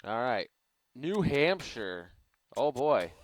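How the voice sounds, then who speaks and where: A man's voice: mid-range voice, very animated, slow, no echo. A man hosting a gaming channel, giving casual, rambling gameplay commentary and laughing a lot.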